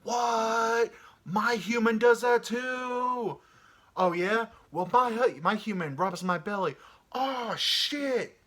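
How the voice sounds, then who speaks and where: A man voicing a hyped-up excitable male dog, loud and bragging. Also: very high-pitched, slow, pitched above the performer's own voice, heavily acted.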